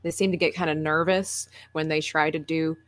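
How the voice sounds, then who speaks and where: A woman co-hosting a podcast in casual chat, talkative and quick to laugh. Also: low voice, flat delivery, fairly bright tone, dry recording. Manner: chatty, laughs easily. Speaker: podcast co-host.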